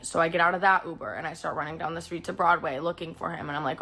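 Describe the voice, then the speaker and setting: A young woman with a lowish voice full of vocal fry tells a painful personal story. She talks haltingly, stopping and restarting, her voice heavy with emotion. Faint music sits under her. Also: fairly even intonation, pushed and bright.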